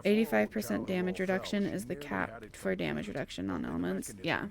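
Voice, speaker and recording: A woman's voice: lowish voice, sing-song, brisk, vocal fry, a crowd in the background. A woman streaming a video game, chatting casually and venting her frustration while reading chat aloud.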